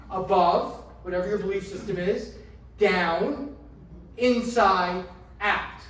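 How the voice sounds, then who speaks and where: A middle-aged man, a chiropractor, giving a motivational health talk to a live audience, asking them questions and slowing down to stress key phrases. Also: high voice, fairly bright tone. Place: indoor event room. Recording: roomy echo, mic from a distance, faint background noise.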